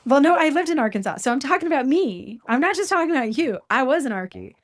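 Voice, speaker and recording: A woman hosting a casual conversation, talking in an animated, talkative way with quick asides. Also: high-pitched. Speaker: host.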